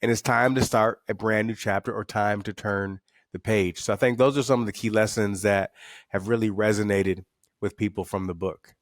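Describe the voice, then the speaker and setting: A middle-aged man, a guest author telling stories with candid, animated energy on a podcast. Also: lowish voice, moderate pace, no echo, clean studio sound. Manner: candid, animated storytelling with repeated words. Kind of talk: podcast interview.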